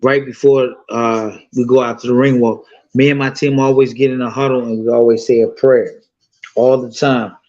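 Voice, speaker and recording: A man's voice: medium pitch, level tone, normal speed, a little mellow, lo-fi sound. A man in his fifties telling a fight story in loose, profane casual talk full of fillers. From United States. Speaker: boxing guest.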